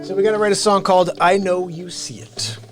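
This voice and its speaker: A male livestream host giving unscripted comedic talk, animated and mocking, quick to slip into voices. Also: high voice, music in the background.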